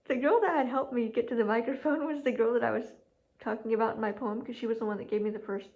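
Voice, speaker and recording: A young woman telling a story to her camera in a chatty way, laughing often and acting out what others said. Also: fairly high pitch. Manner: chatty, laughs often, acts out quoted voices. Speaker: vlogger. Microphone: camera mic. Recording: muffled lo-fi camera audio.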